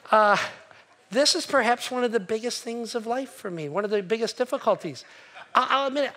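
A man's voice: very high voice, sharp tone. A man preaching a sermon as a pastor in a church, talking conversationally and checking in with his listeners. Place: church sanctuary.

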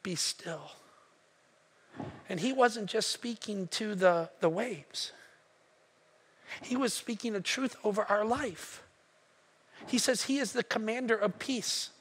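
High, bright-voiced emphatic male preacher. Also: unhurried, pauses often, breathy edge. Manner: emphatic, repeats phrases, drops to hushed tones for quotes. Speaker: pastor. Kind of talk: sermon.

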